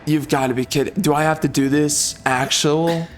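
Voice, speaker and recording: A man's voice: on the high side, fairly even intonation, moderate pace, slight background noise. A young man giving casual game commentary, complaining with frustration and stammering restarts. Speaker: gamer.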